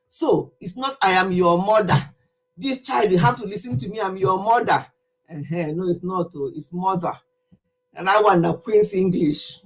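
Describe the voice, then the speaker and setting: Nigerian lady hosting a livestream, husky voice, laughs a lot, teasing and chatty. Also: medium pitch, rough recording. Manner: chatty, teasing, laughs often while reading out viewers. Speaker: livestream host. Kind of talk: casual livestream chat.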